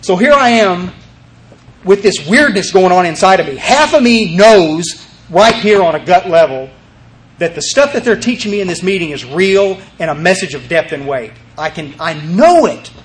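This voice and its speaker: An older man sharing his recovery story at a meeting, telling it in a lively, animated way and acting out the voices of the people in it. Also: sits high, normal speed. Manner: animated storyteller, acts out voices, many restarts.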